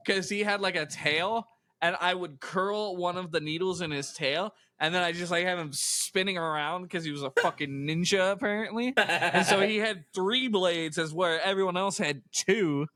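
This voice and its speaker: A man's voice: sits high, normal speed, pushed and bright, no room sound. A young man co-hosting a podcast, chatting casually, laughing and swearing as he shares memories from growing up. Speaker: podcast co-host. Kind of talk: casual storytelling chat.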